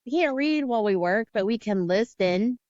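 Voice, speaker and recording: A woman co-host talks in a relaxed, conversational way at a middle pitch. The sound is dry and a little dull and lo-fi. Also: normal speed, no echo. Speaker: podcast co-host. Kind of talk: casual interview chat.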